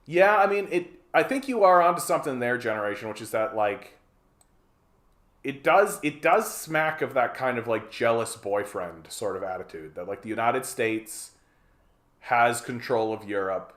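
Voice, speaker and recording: A man's voice: medium pitch, lively intonation, moderate pace, fairly bright tone, reverberant. A man from Canada, giving profane, rambling, sarcastic live-stream commentary as a political streamer.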